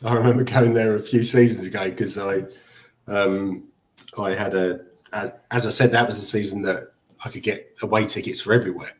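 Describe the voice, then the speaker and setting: A man's voice: on the low side, steady tone, a little fast, far from the mic, rough recording. A man telling rambling anecdotes on a podcast, chuckling as he goes. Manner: rambling storyteller, chuckles often. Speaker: podcast panelist.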